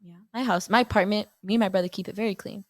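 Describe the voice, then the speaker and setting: This is a young woman from Texas, a softball player talking as a guest. She is a chatty storyteller who laughs easily, and her voice sits in a middle pitch. The sound is dry, with no room echo. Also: fairly even intonation, rapid-fire. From Texas, USA. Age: young adult. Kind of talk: casual interview chat.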